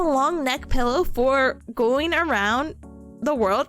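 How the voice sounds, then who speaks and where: Young female streamer, very lively high voice, giggly and stammering, casual chat over soft background music. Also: slow pace. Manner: bubbly, giggly, stammering, squeals with excitement.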